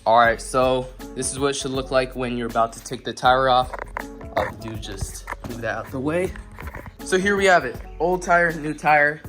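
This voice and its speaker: A man's voice: medium pitch, moderate pace, over music. A man talking casually in a how-to vlog, explaining step by step with frequent restarts and fillers. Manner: rambling explanations with many restarts. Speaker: vlogger.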